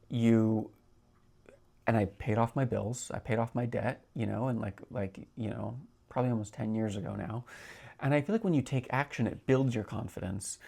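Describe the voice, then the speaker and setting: A man's voice: medium pitch, vocal fry, darkish tone. A man in his thirties hosting a solo podcast, talking in a chatty, rambling way with many filler words. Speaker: podcast host.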